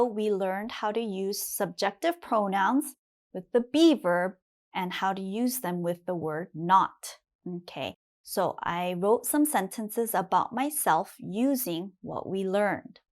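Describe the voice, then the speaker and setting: A woman's voice: mid-range voice, lively intonation, slow pace. A young adult woman teaching beginner English, saying each example sentence twice in patient classroom drills. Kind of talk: slow, clear classroom drills for learners.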